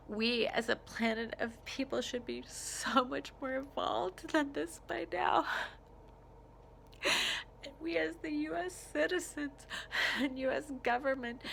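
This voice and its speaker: A woman's voice: sits high, gravelly, a bit bright, a little hiss or hum. An American woman crying as she makes an emotional, rambling plea in a vlog. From United States. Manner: tearful, pleading, rambling with restarts. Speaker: vlogger. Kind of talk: emotional personal plea to camera.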